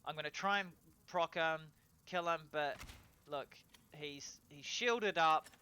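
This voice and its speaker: A man narrating his own gameplay in a casual voiceover, excitable and swearing, breaking into loud cheers over kills. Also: fairly high pitch, slow pace, a little hiss or hum. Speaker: gameplay commentator.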